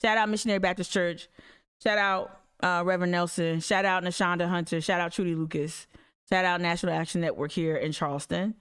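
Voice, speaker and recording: A woman's voice: on the low side, steady tone, a little fast, fairly bright tone, clear, resonant tone. A woman hosting a live stream, reacting animatedly and talking straight to her viewers. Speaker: livestream host. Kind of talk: casual livestream commentary.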